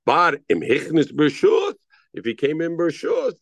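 A man's voice: on the high side, very animated, slow pace, dry recording. A man teaching a Daf Yomi Talmud class, calling on students by name and mixing in Hebrew and Aramaic terms.

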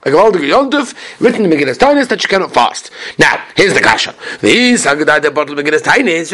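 Animated man teaching Talmud. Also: a little high, fast, hardly any pauses. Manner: chants Aramaic text then explains in English, questions and answers himself. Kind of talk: Talmud class, reading and explaining Gemara.

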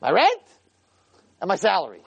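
A man's voice: sits high, wildly swooping pitch, normal speed, gravelly, fairly bright tone, husky, heavily acted. A man voicing a young prince turned peasant, earnestly laying out his complaints in a sermon parable. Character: young exiled prince, now a hopeful peasant.

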